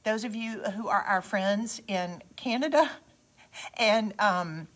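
A woman's voice: mid-range voice, slow, a bit bright, slight background noise. A middle-aged woman with a Southern US accent hosting a casual live craft demo, chatty and folksy, talking straight to viewers. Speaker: craft host demonstrating a product.

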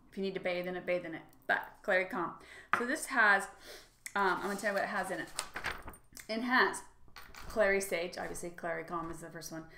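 A woman's voice: on the low side, a bit bright. Chatty middle-aged woman, echoey room. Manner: chatty and enthusiastic, with frequent fillers. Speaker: lifestyle vlogger. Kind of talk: casual product demonstration.

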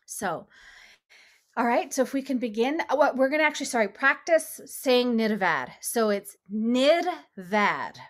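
A woman's voice: a little high, lively intonation, normal speed. Chatty woman leading a meditation. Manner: gentle, chatty, laughs often. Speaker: meditation leader. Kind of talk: guided meditation instruction.

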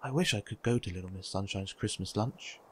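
Man voicing a meek, broke storybook character: soft, murmured, goes high when rattled. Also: sing-song, fairly quick. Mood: glum. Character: poor, gentle, downcast little man.

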